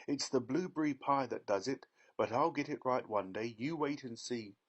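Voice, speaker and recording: A man's voice: medium pitch, normal speed, slightly rough, dull audio, natural voice. A man voicing an eccentric, fussy chocolatier who frets and sighs apologetically. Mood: rueful. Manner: fretful, sighing, apologetic.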